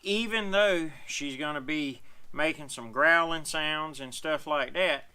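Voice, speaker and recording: Bright, folksy man, out of breath. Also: fairly high pitch, measured pace, clear, resonant tone. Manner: rambling, explanatory, folksy. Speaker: dog owner vlogger. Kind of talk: casual talk to camera. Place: outdoors.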